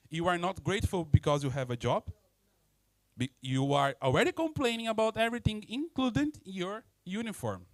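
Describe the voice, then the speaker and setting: A male preacher giving an animated sermon, acting out everyday scenes in non-native English. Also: high voice, no echo, rough recording. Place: church.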